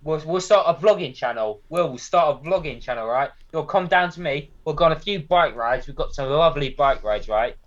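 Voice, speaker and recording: Young Yorkshire man, podcast co-host, animated and jokey, slightly muffled recording. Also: a little high, brisk, hardly any pauses. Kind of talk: casual chat. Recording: slightly dull lo-fi sound.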